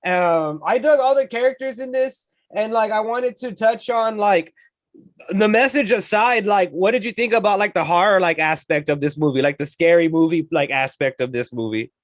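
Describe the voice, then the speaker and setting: A man's voice: high voice, moderate pace, no room sound. A man co-hosting a casual movie review chat, rambling with many filler words and frequent laughs. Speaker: podcast co-host.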